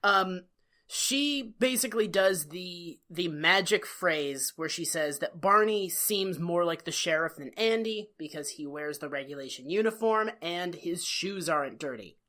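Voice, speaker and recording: An exasperated male podcast co-host who rants and swears in casual chat. His pitch leaps upward as he gets worked up, then drops back to an everyday tone. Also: expressive, measured pace, bright, forceful tone.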